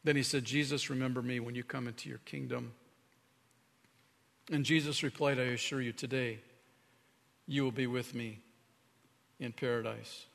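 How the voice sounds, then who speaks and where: A man preaching a sermon as pastor, earnest, sometimes dropping to a hushed tone for emphasis. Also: mid-range voice, steady tone, normal speed, gravelly, long pauses. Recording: reverberant hall.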